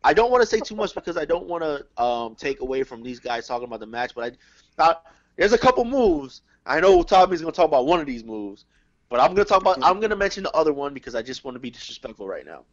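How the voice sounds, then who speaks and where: A man hosting a casual wrestling review podcast, excitable and quick to swear and laugh. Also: a little high, muffled recording. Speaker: podcast host.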